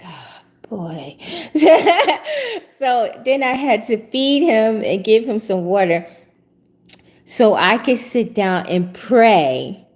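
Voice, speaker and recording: A woman's voice: fairly high pitch, darkish tone. A middle-aged woman hosting a prophetic talk show, chatting casually and laughing often. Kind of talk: casual livestream chat.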